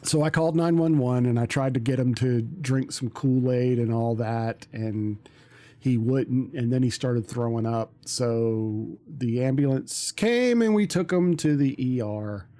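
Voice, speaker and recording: A man's voice: mid-range voice, measured pace, warm tone. A man, a streamer, telling a story in casual chat, rambling with many ums and restarts.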